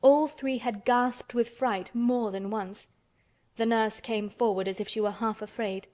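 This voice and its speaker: A woman's voice: on the high side, steady tone, measured pace, a little mellow. Woman reading an audiobook. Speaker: audiobook narrator. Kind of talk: scripted narration.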